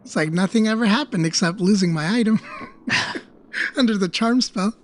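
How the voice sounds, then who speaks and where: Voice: mid-range voice, moderate pace, natural voice. Player doing a melodramatic young adventurer. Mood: distraught. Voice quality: weird put-on accent. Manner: emotional, rambling, self-pitying. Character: young adventurer Aster, shaken and dramatic.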